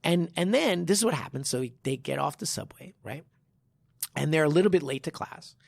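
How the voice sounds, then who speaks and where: Male podcast host and martial arts instructor; gravelly, dry close sound, animated and blunt. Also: a little high, a little fast, no echo. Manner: animated storytelling, swears, acts out quotes. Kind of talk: casual chat.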